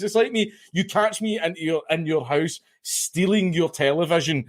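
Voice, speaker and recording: Animated scottish man, slightly high voice. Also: normal speed, no echo, clean studio sound. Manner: animated, mocking storyteller who acts out quotes. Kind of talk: casual podcast chat.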